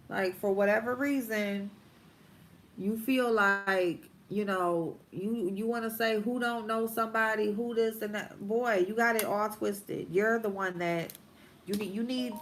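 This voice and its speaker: A woman's voice: mid-range voice, fairly even intonation, a little slow, slight background noise. A woman hosting a casual livestream, ranting bluntly and profanely, stretching out her emphatic lines while she does her makeup. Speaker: vlogger host.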